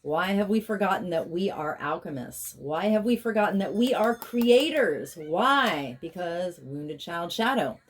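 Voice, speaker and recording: A woman's voice: on the low side, animated, a little slow, few pauses, slightly rough. A woman giving a spiritual tarot reading in a rambling, chatty way, with stretches of chanted, repeated affirmations. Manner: rambling, chatty asides, drops into intense repeated incantations. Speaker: tarot reader and spiritual healer.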